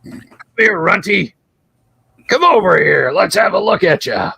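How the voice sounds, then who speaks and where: Ein Mann spielt einen höhnischen Goblin-Anführer. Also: male voice, high voice, big pitch swings, a little slow, gravelly, pushed and bright, slightly rough, no echo, pitched above the performer's own voice, heavily acted. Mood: taunting. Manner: taunting, sneering. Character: mocking goblin leader, male, swaggering. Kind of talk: tabletop game voice acting.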